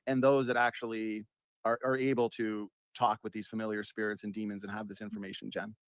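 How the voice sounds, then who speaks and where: A man's voice: lowish voice, flat delivery, brisk, dry recording. A man interviewing a guest, asking questions in an enthusiastic, inquisitive way.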